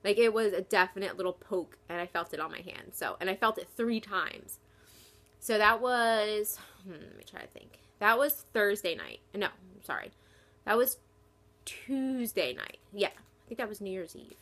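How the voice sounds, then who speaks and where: A woman's voice: mid-range voice, animated, normal speed, a bit bright. A young woman from New Jersey chatting casually in a pregnancy vlog, short of breath as she talks and filling her sentences with "like". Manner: chatty, lots of "like" fillers. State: short of breath while talking. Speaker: vlogger.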